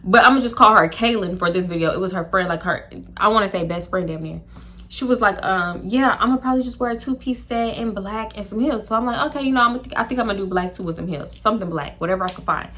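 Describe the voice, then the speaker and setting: A young woman telling a casual storytime, chatty and animated, acting out quoted dialogue with laughs. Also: mid-range voice, quick pace. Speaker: storytime YouTuber.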